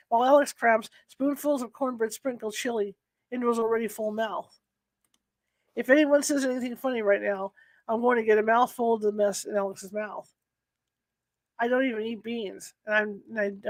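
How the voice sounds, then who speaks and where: A woman's voice: a little high, no echo. Woman reading a novel aloud. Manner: unpolished, restarts and corrects herself. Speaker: audiobook reader. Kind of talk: first-person novel reading.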